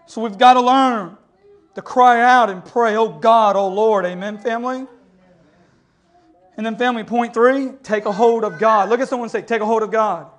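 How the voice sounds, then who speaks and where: A man's voice: very high voice, moderate pace. A man preaching a sermon with passion, often calling out to the congregation for an amen. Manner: impassioned preaching, calls for amens. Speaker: pastor.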